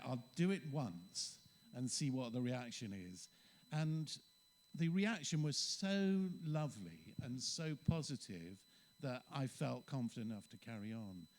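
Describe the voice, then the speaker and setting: A man's voice: medium pitch, a little mellow. Man reminiscing on a convention panel. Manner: reminiscing, hesitant with restarts. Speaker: convention panel guest, actor. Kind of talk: casual panel talk. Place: convention hall stage.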